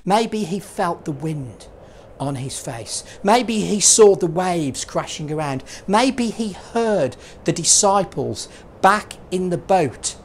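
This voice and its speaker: A man's voice: high-pitched, lively intonation, slow pace, slight background noise. A man and children's puppeteer telling a Bible story in a playful, dramatic way. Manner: playful, dramatic, with lots of vocal swings.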